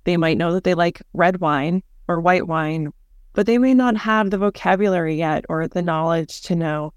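A woman with a smooth, clear voice, talking through services in an upbeat, explanatory way as a podcast guest. The sound is dry and close, with no room around it. She sounds at ease in a business interview. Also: on the low side, brisk, darkish tone, dry recording. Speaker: senior director, podcast guest.

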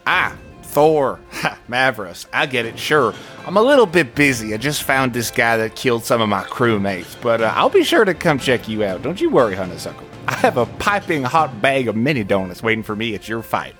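A man playing a tabletop game, excitable and goofy, breaking into laughs and loud exclamations. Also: medium pitch, moderate pace, faint music behind. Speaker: player.

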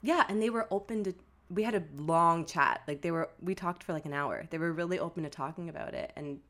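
A woman's voice: on the low side, a little fast, fairly bright tone. A young woman co-hosting a podcast, telling a family story in a casual, chatty way, full of "like" fillers and acted-out quotes. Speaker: podcast co-host.

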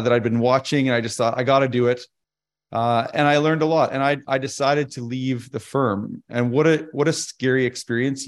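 A man who works as a financial advisor, giving a casual webinar talk with many fillers and restarts, telling stories between his points. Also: medium pitch.

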